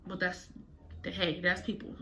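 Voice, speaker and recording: A woman's voice: on the low side, completely flat delivery, normal speed, sharp tone, a little hiss or hum. A woman vlogger telling a personal story casually, full of slang and cursing. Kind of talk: storytime vlog.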